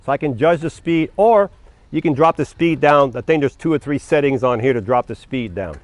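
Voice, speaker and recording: Talking to viewers as folks, a plainspoken male mobility equipment dealer walks them through a power wheelchair in a product demo, his voice becoming worn. He speaks at a moderate pace with a medium, animated pitch, and the room is echoey.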